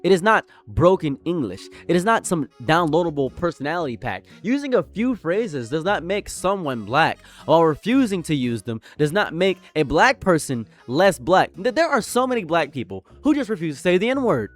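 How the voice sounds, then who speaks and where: A man's voice: on the high side, very animated, normal speed, hardly any pauses. Man, casual commentary, american accent with slight foreign tang, emphatic, repetitive, faint music behind. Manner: emphatic, repeats his points. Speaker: commentary YouTuber.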